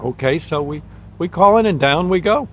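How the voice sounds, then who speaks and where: A man's voice: a little high, lively intonation, moderate pace, a little hiss or hum. Folksy man rambling through a story. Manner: folksy, rambling, chuckling between phrases. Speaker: ambulance crew member recalling a shift. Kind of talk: casual storytelling.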